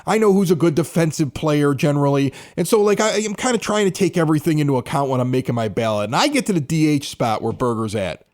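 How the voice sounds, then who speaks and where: A man's voice: a little high, expressive, fast, few pauses, darkish tone. A man co-hosting a sports podcast, chatting casually and laughing often. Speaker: podcast co-host.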